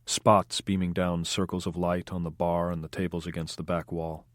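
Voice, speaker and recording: A man reading an audiobook in measured scripted narration. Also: low voice, level tone, dry recording, studio quality.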